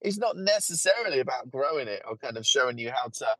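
A man, a podcast guest who talks about his plant marketing work and his book in a lively, chatty way and laughs easily. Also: medium pitch, quick pace, dry recording. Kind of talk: casual conversation.

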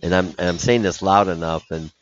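A man's voice: low voice, fairly quick, muffled recording. A man who coaches hockey, telling stories in a podcast interview with animation and laughing at his own punchlines.

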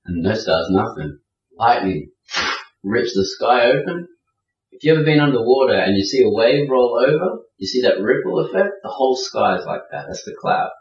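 A man's voice: medium pitch, normal speed. A man telling a sailing anecdote in a casual, vivid way. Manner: animated, vivid storytelling. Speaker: guest storyteller. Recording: roomy, distant and dull.

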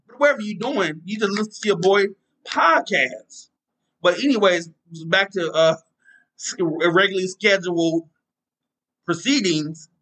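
On his own podcast, a man talks casual solo sports, rambling, often repeating himself and joking at his own expense. His voice is high-pitched and sharp, his pace measured, and the audio poor.

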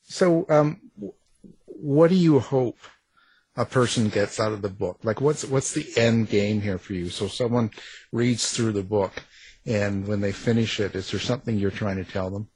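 Husky low-voiced male interviewer. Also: normal speed, darkish tone, rough recording. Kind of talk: casual interview conversation.

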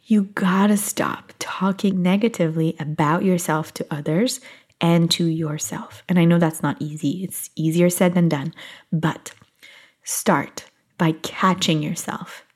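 A woman giving a self-help talk to her viewers, gentle and encouraging, who laughs often and slows down on key points. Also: fairly low pitch, steady tone, husky.

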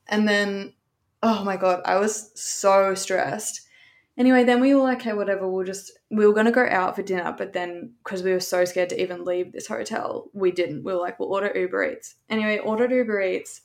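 A woman's voice: mid-range voice, fairly even intonation, moderate pace. Rambling young Australian woman. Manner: rambling, chatty, sprinkled with swearing. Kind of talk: casual storytelling.

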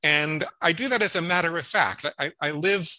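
A man's voice: on the high side, moderate pace, sharp tone, poor audio. A man in his fifties, a psychologist guest explaining and telling stories in a conversational interview, often restarting his words. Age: 50s. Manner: explanatory storytelling with frequent restarts.

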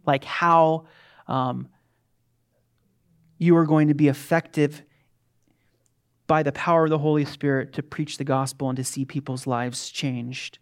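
A middle-aged man, a pastor, preaching an animated, conversational sermon with quick asides. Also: fairly high pitch.

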